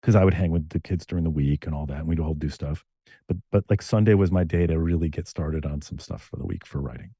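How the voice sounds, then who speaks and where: A middle-aged man from Connecticut, a screenwriter and novelist, talking as a guest in a casual interview, telling stories in animated, quick bursts. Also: rumbling low, breathy edge, no echo, clean studio sound.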